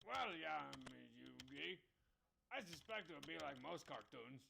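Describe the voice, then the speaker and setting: Brief: a smug masked wrestler from a web cartoon, rough gravelly rasp, a bit high, lively swooping delivery, played clip with audible noise underneath. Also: male voice, unhurried, heavily acted. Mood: musing. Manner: boastful, sarcastic advice-giving.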